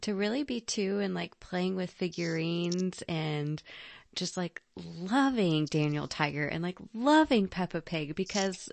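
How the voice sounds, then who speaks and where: Slow-talking woman host, gravelly. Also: lowish voice, lively intonation, no echo. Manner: soft, affirming, unhurried. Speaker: podcast host. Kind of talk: interview conversation.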